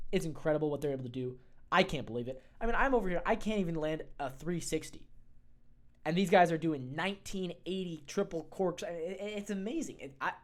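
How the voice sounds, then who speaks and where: A sports podcast host riffing through casual commentary in a voice of middling pitch. The talk comes in excitable, opinionated bursts, with frequent restarts when the enthusiasm runs ahead of the words.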